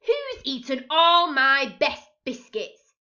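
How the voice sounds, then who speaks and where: A woman voicing a furious male pirate captain who growls and bellows his lines loudly and slowly, on a dull lo-fi recording. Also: high voice, big pitch swings, voice pushed up, full character voice. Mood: bellowing. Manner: growling, loud and slow.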